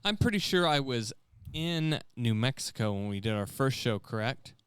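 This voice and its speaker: A man co-hosting a casual podcast chat, loose and joking, cursing freely. His voice is smooth and clear, sitting at an ordinary pitch, recorded close and dry with no room sound around it. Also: very animated, moderate pace, fairly bright tone, dry recording. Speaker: podcast co-host.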